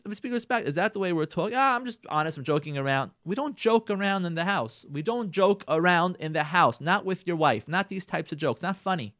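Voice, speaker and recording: A rabbi giving a radio talk on marriage, animated, acting out quoted lines and repeating himself. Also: male voice, on the high side, no echo, clean studio sound.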